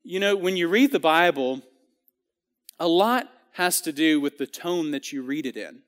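A man's voice: on the high side, animated, a little slow, a bit bright, in a large hall. A man giving a sermon in a church, talking earnestly and conversationally with frequent restarts and fillers. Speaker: preacher. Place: church sanctuary.

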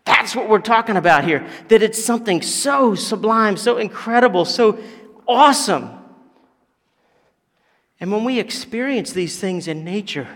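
A man with a high, light voice delivers a sermon. He moves from quiet, drawn-out phrases to loud, emphatic bursts. The sound carries a long reverb, like a church hall. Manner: animated, swings from hushed to loud. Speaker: pastor.

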